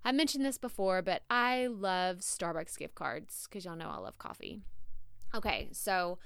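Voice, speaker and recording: A woman's voice: fairly low pitch, lively intonation, a little slow, fairly bright tone, clear, resonant tone, no room sound, studio quality. Chatty Texan woman with a Southern drawl. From Texas. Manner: chatty and direct, tough-love tone, addresses listeners as y'all. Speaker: podcast host. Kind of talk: solo podcast advice talk.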